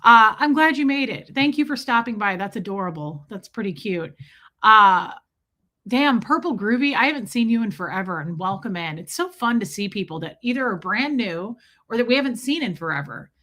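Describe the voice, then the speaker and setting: Bright-voiced chatty woman streamer. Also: mid-range voice, animated, moderate pace. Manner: chatty, teasing, greets people by name. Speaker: livestream host. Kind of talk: casual livestream chat greeting viewers.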